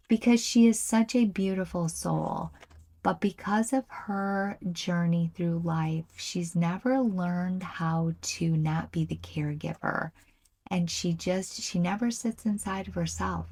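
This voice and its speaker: Low gravelly-voiced woman tarot reader. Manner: earnest, often drops into a soft half-whisper. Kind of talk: weekly tarot horoscope reading.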